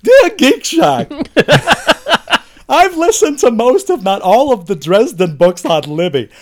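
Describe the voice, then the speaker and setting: A man's voice: sits high, big pitch swings, slow, pitched above the performer's own voice, heavily acted. A man putting on a Boston accent to read out a joking listener letter, exaggerated and laughing. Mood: mock-reading. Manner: exaggerated loud reading with laughs. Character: letter writer from Boston, rough joker.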